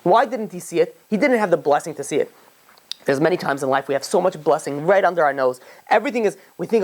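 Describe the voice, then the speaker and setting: Fast-talking rabbi telling a story. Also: male voice, fairly high pitch, expressive, darkish tone. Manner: casual, many fillers and restarts. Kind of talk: storytelling sermon.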